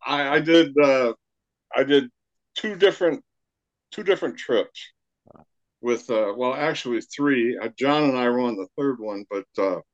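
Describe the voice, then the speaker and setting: A man, a guest on a podcast, reminiscing in a relaxed casual chat with some hesitations. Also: mid-range voice, measured pace, muffled recording.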